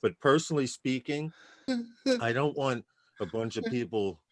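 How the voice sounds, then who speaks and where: A man's voice: mid-range voice, expressive, moderate pace, no room sound. A man co-hosting a casual drone talk stream, giving his opinion hesitantly with disclaimers. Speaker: co-host of drone talk show. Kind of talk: casual chat.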